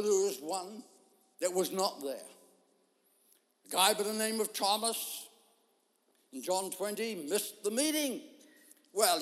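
A man preaching a sermon, telling a story in an animated way and acting out the voices of people in it. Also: high voice. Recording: long hall reverb.

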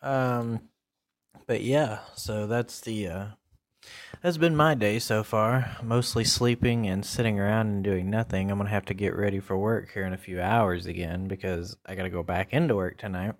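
A man with a somewhat low voice hosts a solo podcast. He chats casually and loosely, drifting between thoughts and filling pauses with ums and uhs. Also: steady tone. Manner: rambling and laid-back, with many fillers. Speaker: podcast host.

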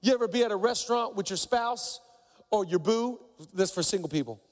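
A man's voice: animated, brisk. A middle-aged man preaching a sermon as pastor, telling stories and acting out the people in them with big jumps in voice. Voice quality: acts out quoted voices with big pitch jumps. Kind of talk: sermon with animated storytelling. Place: church auditorium. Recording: long hall reverb.

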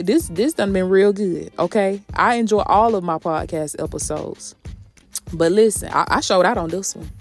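A woman hosting a motivational podcast, talking in a sassy, preachy way, calling her listeners sis and honey. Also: medium pitch. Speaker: podcast host.

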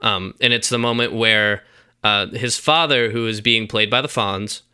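Young man, very bright tone, podcast co-host, chatty movie recap, loose filler-heavy talk. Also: lowish voice, fairly even intonation, moderate pace, clear, resonant tone. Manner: retells scenes with acted quotes, many fillers. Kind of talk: casual movie discussion.

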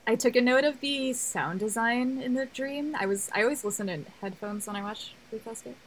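A woman's voice: on the high side, a little fast, rough recording. Young woman talking thoughtfully, faint noise. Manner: thoughtful, detailed, with fillers. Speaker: podcast co-host. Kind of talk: casual chat about an anime.

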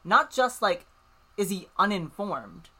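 A woman's voice: medium pitch, big pitch swings, slow, sharp tone, husky. A woman co-hosting a podcast, chatting casually about a book and teasing her co-host in a playful way. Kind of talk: casual book recap chat.

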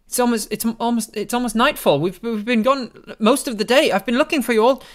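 A man's voice: very high-pitched, brisk, voice pushed up. A man voicing a worried young woman adventurer, urgent and stumbling over her words.

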